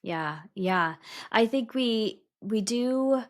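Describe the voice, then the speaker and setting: A woman's voice: fairly high pitch, expressive, very slow. A woman hosting a podcast interview, talking thoughtfully and rephrasing her long questions as she goes. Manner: thoughtful, self-correcting, asks long questions. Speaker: podcast host. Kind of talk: casual interview chat.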